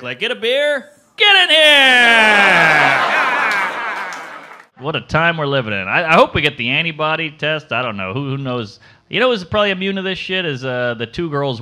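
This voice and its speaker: A man performing a stand-up comedy set, with punchy joke delivery that jumps into high-pitched character voices. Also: noisy background.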